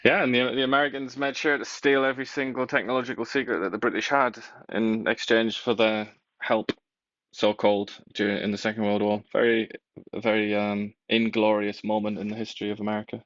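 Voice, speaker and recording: A man's voice: lowish voice, level tone, fairly quick, a bit bright, no room sound, dull audio. A man co-hosting a talk show, giving wry, sardonic commentary in casual chat. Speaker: co-host.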